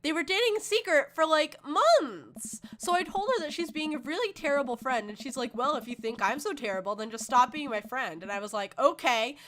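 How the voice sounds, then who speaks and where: A woman voicing an upset teenage girl who vents in a fast, rambling way. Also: high-pitched, animated, a bit bright, slight background noise.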